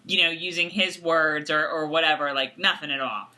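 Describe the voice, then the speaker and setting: A woman's voice: sits low, steady tone, normal speed, sharp tone. A woman co-hosting a casual chat, giggly and rambling with lots of fillers. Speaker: co-host.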